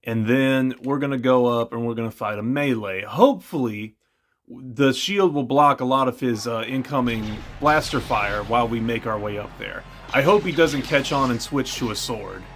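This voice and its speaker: A man's voice: mid-range voice, moderate pace, a bit bright, slight background noise. A young man hosting a let's play, joking and trash-talking over the gameplay. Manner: jokey, trash-talking, puts on silly voices.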